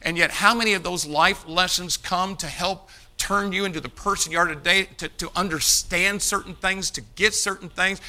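A man's voice: high-pitched, steady tone, normal speed, hardly any pauses, bright, forceful tone. A man preaching a sermon, emphatic, calling out to the congregation and addressing people by name. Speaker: pastor.

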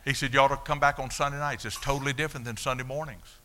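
An older man preaching his testimony in a folksy, animated storytelling way. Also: mid-range voice, racing, hardly any pauses. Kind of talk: sermon testimony.

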